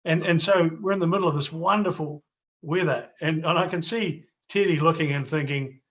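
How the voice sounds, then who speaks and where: Rambling New host, raised voice. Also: male voice, fairly high pitch, a little fast. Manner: rambling, restarts and repeats phrases. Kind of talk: casual video interview and wrap-up to viewers.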